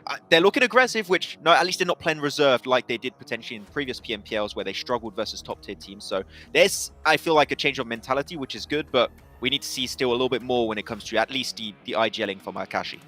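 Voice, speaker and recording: A man talking as an esports analyst at a desk, in quick rambling chat with restarts. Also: mid-range voice, expressive, pushed and bright, soft background music.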